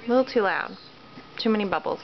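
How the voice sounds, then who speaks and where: A woman talking softly to her baby in sing-song questions, recorded on a home video. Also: mid-range voice, expressive, fast talker. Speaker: mother. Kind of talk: baby talk to her infant. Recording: muffled home video with faint hiss.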